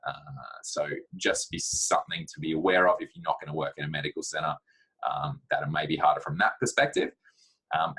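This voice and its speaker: A man's voice: low-pitched, a bit bright, husky, rough recording. A man giving blunt, practical career advice in a casual talk to camera, with plenty of fillers.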